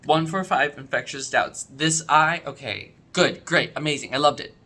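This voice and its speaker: A man chats through his rankings of a podcast's episodes in a loose, casual way. His voice is bright and forward, and he rambles with plenty of fillers, restarts and eager asides. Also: on the high side, normal speed. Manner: enthusiastic, rambling, lots of fillers. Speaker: podcast reviewer. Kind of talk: casual review chat.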